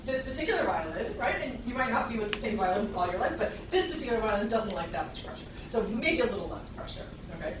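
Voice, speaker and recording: A woman coaches a live violin master class in a concert hall before an audience, encouraging and chatty, singing phrases to show how they should sound. Her medium-pitched voice is lively and fast with few pauses. She is recorded from afar in the echoey hall, with heavy background noise including violin playing.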